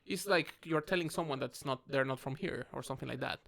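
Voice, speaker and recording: A man's voice: mid-range voice, fast talker, creaky, fairly bright tone. A man from Mexico chatting casually on a podcast, calling his friend "mate" and restarting his sentences often. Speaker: podcast co-host. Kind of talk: casual chat over drinks.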